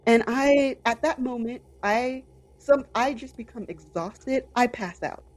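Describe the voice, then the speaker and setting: A young adult woman co-hosting a podcast, telling a personal story in a casual, animated way. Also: on the high side, unhurried. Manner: animated, lots of fillers and quoted inner voice. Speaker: podcast co-host.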